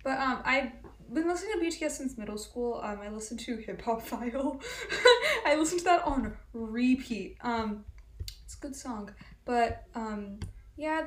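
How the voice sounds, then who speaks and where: Young female co-host, casual and gushing, slightly high voice, echoey room. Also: lively intonation, normal speed. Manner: chatty, filler-heavy, talks about music fandom with enthusiasm. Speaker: podcast co-host. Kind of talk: casual chat.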